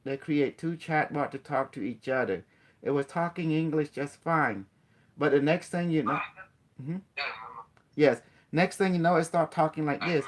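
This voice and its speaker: A man's voice: a little high, normal speed. A man giving a casual spiritual talk. He rambles, repeats himself and keeps asking his listener questions. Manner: rambling, repetitive, breaks into playful chanting.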